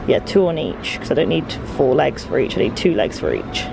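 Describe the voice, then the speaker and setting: A woman's voice: a little fast, gravelly, background noise. Chatty young English woman vlogger. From England. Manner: chatty, self-deprecating, jumps into high excited tones. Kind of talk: casual vlog chat.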